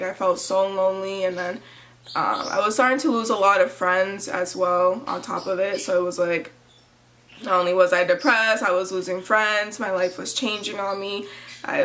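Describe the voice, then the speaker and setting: A woman in her twenties speaking in a personal vlog, emotional and halting, tearing up at times, with many fillers and restarts. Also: on the low side, a bit bright. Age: 20s. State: tearful. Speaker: vlogger.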